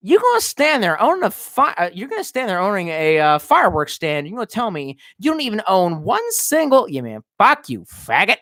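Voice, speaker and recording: A man from Baltimore ranting drunk and profane on a livestream, reading chat, swinging between yelling and muttering. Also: high voice, wildly swooping pitch, brisk, hardly any pauses, dry recording, clean studio sound. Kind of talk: casual livestream rant.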